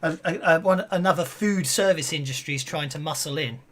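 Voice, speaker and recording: Male tabletop game master with a slightly high voice; rambling delivery full of fillers and restarts. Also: brisk, a bit bright.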